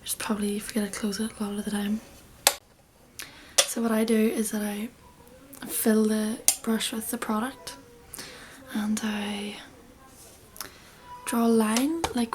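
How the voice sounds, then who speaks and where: A woman's voice: a little high, little pitch movement, measured pace, pauses often, darkish tone, a little hiss or hum. Chatty young woman, often half-whispering. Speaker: beauty vlogger. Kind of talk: casual makeup tutorial.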